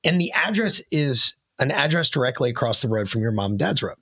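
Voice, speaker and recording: A man co-hosting a podcast, telling a profane, animated story in casual chat. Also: mid-range voice, a little fast, husky. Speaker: podcast co-host.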